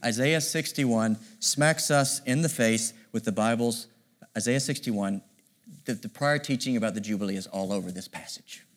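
A middle-aged man preaching a sermon in an animated, conversational way, often asking the listeners rhetorical questions. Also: lowish voice. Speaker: pastor.

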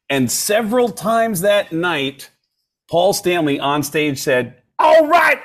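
Animated joking male comedian. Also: mid-range voice. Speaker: comedian guest. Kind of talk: casual podcast storytelling.

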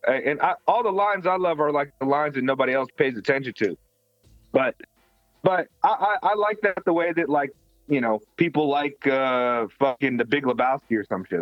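A man's voice: fairly high pitch, no echo. A man co-hosting a podcast in casual chat, wry and joking, tripping over his starts. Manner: wry, joking, stumbling restarts. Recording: dull lo-fi sound.

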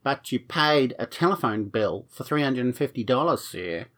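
Dude doing a dry bank call-center guy, polite, flat, keeps saying sir. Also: medium pitch, moderate pace. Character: patient, dry bank phone agent.

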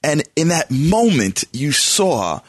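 A man hosting a conversational interview. He thinks aloud and tells stories, and his pitch swings widely up and down. His voice is mid-pitched and recorded dry. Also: slow, breathy edge, dry recording. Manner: animated and searching, tells anecdotes. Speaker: host.

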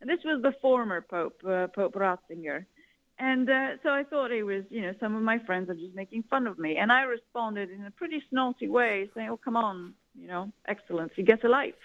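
A woman's voice: a little high, moderate pace, fairly bright tone. Woman, from Italy, interview guest, rambling, constant "you know", phone-line sound. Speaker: guest, government advisor. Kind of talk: conversational interview.

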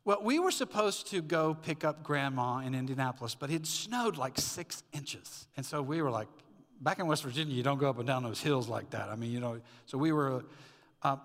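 A man's voice: medium pitch, lively intonation, moderate pace, fairly bright tone, long reverb tail. A middle-aged man preaching a sermon as a pastor, conversational and storytelling with asides. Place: church sanctuary.

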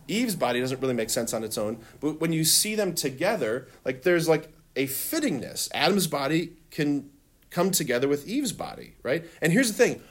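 A man teaching a classroom of children, animated and laughing, calling on students and leading them in call-and-response. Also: a little high. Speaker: religion teacher.

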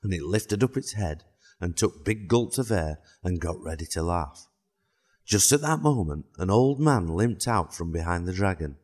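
A man narrating a children's storybook in a calm, even way. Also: low-pitched, normal speed.

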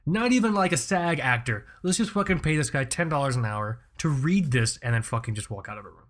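A man's voice: medium pitch, lively intonation, brisk. A man hosting a podcast, telling stories in casual chat, swearing a lot, rambling and laughing often. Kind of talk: casual comedic storytelling.

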